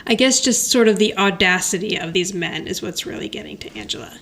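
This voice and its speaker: Co-hosting a podcast, a woman with a medium-pitched, brisk and slightly bright voice chats through a sitcom episode recap. She laughs a lot and performs lines from the show as she goes.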